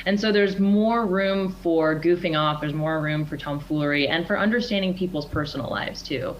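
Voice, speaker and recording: A woman's voice: low voice, moderate pace, muffled recording, a little hiss or hum. A young adult woman, an actress being interviewed, answering in a thoughtful, earnest way and laughing easily. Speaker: actress guest. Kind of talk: interview conversation.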